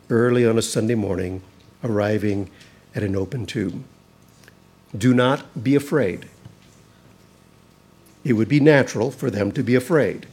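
A man's voice: mid-range voice, a little mellow, husky. A man preaching a sermon, reading scripture aloud and stressing key words with emphatic rises. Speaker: pastor.

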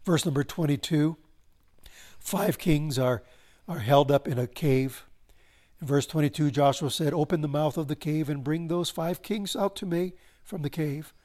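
A man preaching a sermon, swelling to emphasis and slowing into solemn pauses. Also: on the high side, warm tone. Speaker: pastor.

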